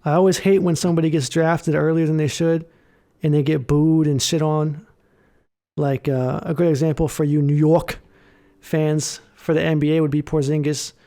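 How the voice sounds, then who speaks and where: A young man co-hosts a podcast, chatting loosely and animatedly about football and saying "bro" a lot. His voice sits fairly high with a level, dark tone, and he talks at a moderate pace. It's casual sports chat.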